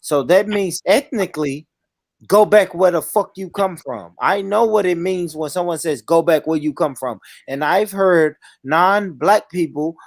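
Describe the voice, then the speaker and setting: A man hosting a heated online debate stream, animated and profane, often talking over his guests on a call. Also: high voice, a little slow, gravelly, no echo, clean studio sound. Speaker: stream host.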